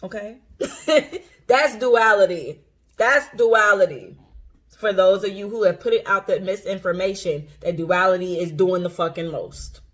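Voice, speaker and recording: An intuitive coach and tarot reader speaks casually to the camera in an unscripted monologue, her voice medium-pitched with fairly even intonation at a moderate pace. She's blunt and profane, repeats phrases for emphasis, and laughs often.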